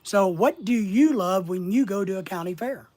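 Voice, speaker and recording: A middle-aged man coaching about social media in a folksy, deliberate way, asking his listeners question after question and pausing often. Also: high-pitched, expressive, a little mellow. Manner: folksy, asks the audience rhetorical questions, slow deliberate pauses. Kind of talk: motivational instructional monologue.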